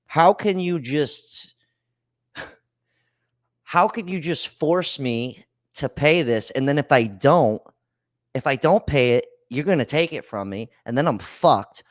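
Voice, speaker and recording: A man's voice: a little high, animated, takes it slowly, no room sound, studio quality. A man hosting a call-in podcast, ranting bluntly and swearing about living costs in casual chat. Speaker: podcast host. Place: home studio, Florida.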